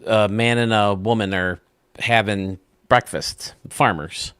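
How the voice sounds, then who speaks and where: A man's voice: on the low side, steady tone, takes it slowly, fairly bright tone, smooth, no echo. A male host casually telling dirty jokes and chuckling at his own punchlines. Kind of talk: casual joke-telling chat.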